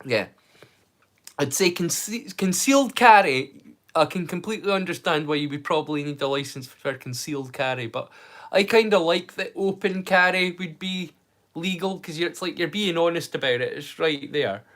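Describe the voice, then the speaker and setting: A man's voice: on the high side, normal speed, a bit bright. A British man hosting a live watch-along stream, chatting casually in a jokey, rambling, self-mocking way to his viewers. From United Kingdom. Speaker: livestream host.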